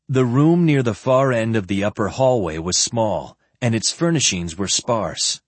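A man reading an audiobook in a measured narrating style. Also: on the low side, lively intonation, no echo. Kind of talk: scripted narration.

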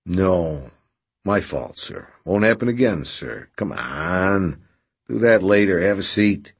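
A man's voice: deep voice, lively intonation, slow pace, breathy edge, exaggerated voice. A man reading an audiobook, voicing a tired working man who speaks in a dry, teasing way. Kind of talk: audiobook character voice.

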